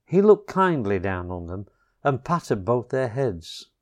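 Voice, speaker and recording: A man reading a children's storybook chapter aloud, slow and expressive. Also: medium pitch.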